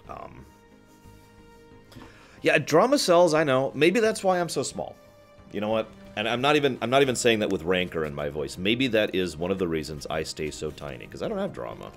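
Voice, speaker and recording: A man's voice: lowish voice, very animated, normal speed, faint music behind. A male livestream host in casual, rambling chat who answers viewer comments and often laughs at his own remarks.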